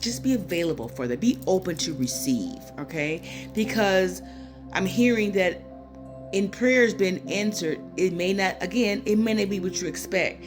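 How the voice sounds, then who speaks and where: Close to crying, a spiritual channel host in her fifties rambles personally into her phone in a casual talk to viewers, full of fillers and asides. Her voice is fairly low at a moderate pace, heard over music.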